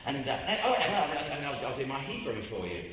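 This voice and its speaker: A man's voice: medium pitch, fast. A man with an English accent telling a rambling anecdote, acting out voices and repeating himself as he goes. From England. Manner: rambling, animated, with self-repeats and impressions. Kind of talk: anecdotal storytelling. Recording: very echoey room, distant mic, ambient noise.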